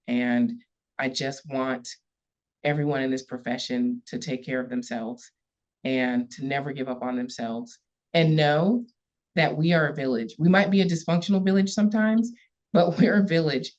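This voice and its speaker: A woman speaks at normal speed in a rumbling low, slightly mellow voice. As a police chief interviewed on a podcast, she tells a story with earnest emphasis, repeating important words and showing emotion, captured in slightly dull lo-fi sound.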